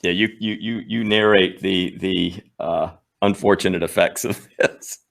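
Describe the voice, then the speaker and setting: A man's voice: sits low, fairly even intonation, measured pace, creaky. A man playing an improvised story game, reading options and explaining rules with hesitations. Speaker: player.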